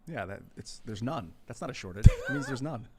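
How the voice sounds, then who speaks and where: A man's voice: medium pitch, lively intonation, fairly quick, a little hiss or hum. A man co-hosting a live talk show, upbeat and enthusiastic in casual chat.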